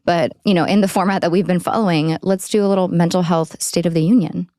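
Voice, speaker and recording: Lowish dry-voiced woman podcast host. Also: steady tone, fast, dark tone, dry recording. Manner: laughs often, short agreeing interjections, dry quips. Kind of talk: casual chat.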